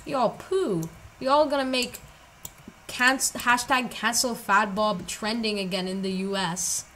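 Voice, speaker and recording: A woman's voice: on the high side, slow pace, pushed and bright, a little hiss or hum, low-quality recording. A young woman streaming a building game, jumpy and joking, cutting in with slangy, self-mocking asides. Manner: slangy, casual. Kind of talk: live gameplay commentary.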